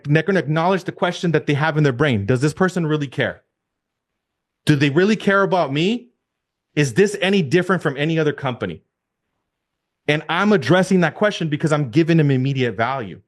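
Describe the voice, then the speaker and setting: A man heading a real estate team delivers a high-energy coaching session by video call, restating his key ideas and peppering listeners with rhetorical questions. His pitch is fairly high, and his pace is moderate.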